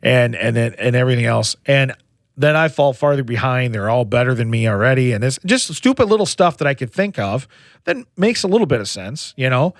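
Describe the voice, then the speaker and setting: A man's voice: medium pitch, a little fast, no echo, clean studio sound. A middle-aged man co-hosting a podcast, telling a long family story in casual chat with many restarts and "you know"s. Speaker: podcast co-host.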